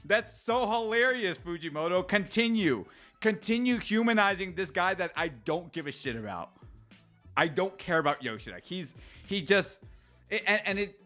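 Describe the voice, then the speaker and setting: A man ranting through a live manga reaction stream in a fairly high voice. He swears freely and turns sarcastic, reading chat comments between rants. Faint music plays underneath. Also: a bit bright.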